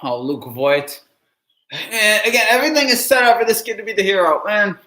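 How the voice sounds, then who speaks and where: A man's voice: high voice, expressive, normal speed, bright, forceful tone, echoey room. Anxious sighing male sports fan. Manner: anxious, pleading, heavy sighs. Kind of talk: live game reaction stream.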